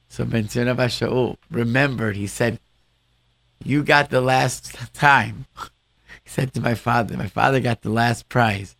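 A man's voice: lowish voice, gravelly, dry recording. A man in casual conversation, reminiscing and sprinkling Hebrew religious terms into his English. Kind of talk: casual chat.

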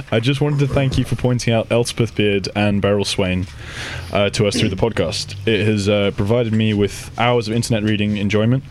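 A man's voice: fairly low pitch, steady tone, normal speed, a little hiss or hum. A man co-hosting a podcast, reading a listener email with self-conscious giggles. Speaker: podcast co-host.

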